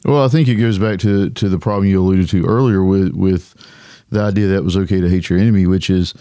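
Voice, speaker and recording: A man in a casual faith discussion, calmly explaining his point in a measured way. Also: low voice, no echo, clean studio sound.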